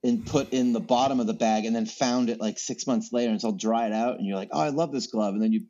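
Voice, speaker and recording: A man's voice: on the low side, level tone, fast, warm tone, dull audio. Rambling man telling golf stories. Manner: rambling storyteller, many fillers and restarts. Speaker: podcast guest. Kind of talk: casual chat.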